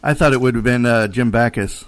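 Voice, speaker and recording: A man's voice: mid-range voice, a little fast. A man interviewing a guest in a casual chat, mostly giving brief, easygoing replies.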